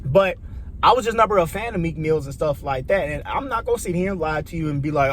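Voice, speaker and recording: Brief: young Chicago man, high voice that swings wide, casual profane rant, faint road noise behind. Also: very animated, brisk, fairly bright tone. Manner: loose, profane, repeats himself, rambling. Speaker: vlogger.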